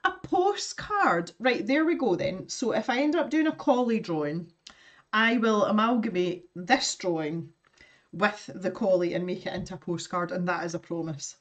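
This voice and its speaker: A woman's voice: lowish voice, normal speed. A woman with a Scottish accent hosting an art live stream, chatting casually while she draws, laughing often and greeting viewers.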